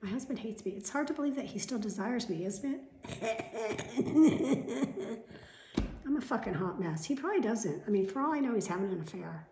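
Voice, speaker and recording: A woman's voice: a little high, lively intonation, normal speed, a little hiss or hum. Exasperated woman venting in an echoey room. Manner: swearing, venting, swings between loud outbursts and whispered asides. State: coughing, chesty. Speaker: vlogger. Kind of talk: casual vlog monologue.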